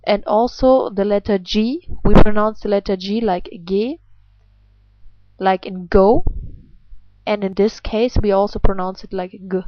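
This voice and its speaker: A German woman, speaking English as a second language with a German accent, teaches pronunciation in a patient video lesson, spelling words out and saying them slowly. Her voice sits at a middle pitch. It is recorded dry and a little muffled. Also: no room sound. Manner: patient, slow and exaggerated when modelling words.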